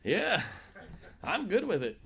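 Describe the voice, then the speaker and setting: A male pastor preaching a sermon, telling stories in an animated, jokey way and acting out the quotes. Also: high voice, slow, vocal fry. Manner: animated, jokey storyteller who acts out quotes. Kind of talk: sermon storytelling.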